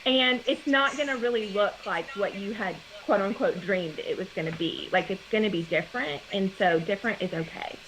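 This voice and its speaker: A woman's voice: medium pitch, normal speed, hardly any pauses, background noise. A woman in her forties, a guest talking earnestly in casual conversation over a video call, with many fillers.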